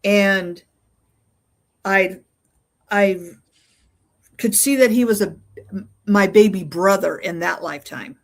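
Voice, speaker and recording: An older woman, a guest being interviewed, tells a personal story in a halting way, often pausing on fillers and restarting her sentences. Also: medium pitch. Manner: halting, full of fillers and restarts while recounting. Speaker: interview guest, UFO investigator.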